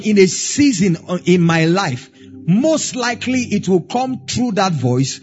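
A man's voice: high voice, sing-song, unhurried, a little mellow, dull audio. Man, Nigerian accent, pastor, sermon, sing-song emphasis, faint music behind.

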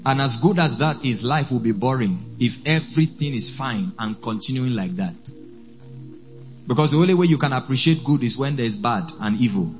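A man, a priest preaching a sermon, who slows down and repeats phrases for emphasis. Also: medium pitch, animated, soft background music.

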